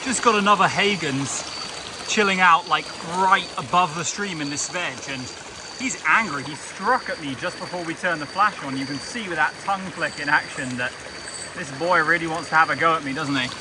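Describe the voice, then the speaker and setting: A man's voice: on the high side, normal speed. A man vlogging outdoors at night in a jungle, chatting with enthusiasm about the snakes he finds, with a handheld camera mic. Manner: enthusiastic, chatty, breaks into quiet asides. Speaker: reptile field herper. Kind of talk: casual nature vlog narration. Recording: outdoor night with loud insect noise. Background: insects and crickets at night.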